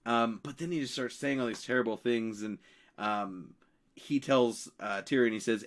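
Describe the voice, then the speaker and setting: A man's voice: medium pitch, normal speed. A man co-hosting a podcast, chatting casually and animatedly about a TV show, acting out lines and swearing freely. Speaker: podcast co-host. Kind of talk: casual chat recapping a TV show.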